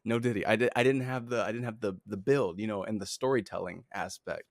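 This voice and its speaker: A man's voice: on the low side, fast talker, dry recording, studio quality. A young man in his twenties, co-hosting a podcast, talking in a hesitant way and laughing easily. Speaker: podcast co-host. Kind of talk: casual chat.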